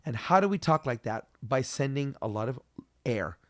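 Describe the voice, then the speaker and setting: A man's voice: medium pitch, lively intonation, moderate pace, no room sound. A man giving an upbeat online singing lesson as a vocal coach, explaining technique and demonstrating sounds.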